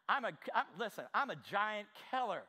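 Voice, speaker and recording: A man preaching a sermon with fervor, asking the congregation direct questions and swinging from quiet asides to shouted exclamations. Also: sits high, sing-song, normal speed. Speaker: pastor.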